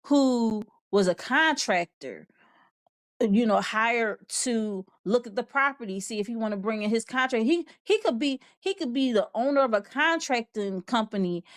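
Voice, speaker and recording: A woman's voice: fairly high pitch, dry recording. A woman hosting a live online show in a casual, rambling way. She laughs often and reads out viewer comments. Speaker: show host. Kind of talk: casual livestream chat.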